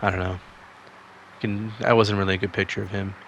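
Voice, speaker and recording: A man's voice: fairly low pitch, flat delivery, a little fast, fairly bright tone, slight background noise. A man casually commentating a basketball video game, rambling between calls and rising sharply on big plays.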